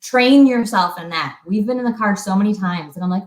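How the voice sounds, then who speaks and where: A woman co-hosting a fitness talk, giving chatty, animated relationship advice and acting out little quotes. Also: mid-range voice, a little fast. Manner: chatty, animated, laughs often, acts out quotes. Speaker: fitness coach co-host. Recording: echoey room.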